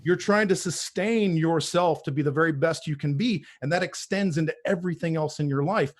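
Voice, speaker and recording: A man's voice: a little high, a little fast. A personal trainer in his forties speaking as a podcast guest, emphatic and preachy, often repeating words as he builds a point. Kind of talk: conversational interview.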